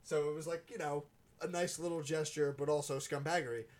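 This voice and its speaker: A man's voice: a little high, fairly even intonation, brisk, darkish tone. A man hosting a podcast, telling stories in a casual, profane, joking way. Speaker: podcast host. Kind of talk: casual chat. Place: podcast studio.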